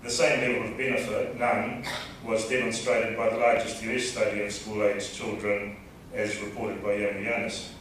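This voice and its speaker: Man with a New Zealand accent, dentist lecturing, dry and measured; heard from afar in a very echoey hall. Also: fairly low pitch, level tone, fairly bright tone, a little hiss or hum. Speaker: dentist giving a talk. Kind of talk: lecture presentation. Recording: distant echoey hall mic.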